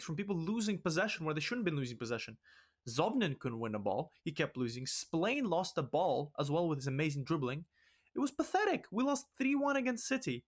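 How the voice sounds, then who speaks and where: A fairly high-voiced young man ranting over a football management game. His talk is exasperated, and it jumps up in pitch and volume whenever a mistake sets him off. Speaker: let's play host.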